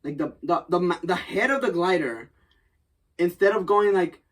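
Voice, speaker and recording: A woman's voice: fairly low pitch, moderate pace. A woman co-hosting a podcast, retelling a comic story in casual chat, acting out quotes and swearing freely. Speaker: podcast co-host. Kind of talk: casual comic book recap.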